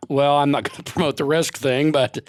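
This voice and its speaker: A man's voice: on the high side, fairly even intonation, fairly quick, no room sound, studio quality. An older man, a guest on a podcast, telling long rambling stories in casual chat and laughing often.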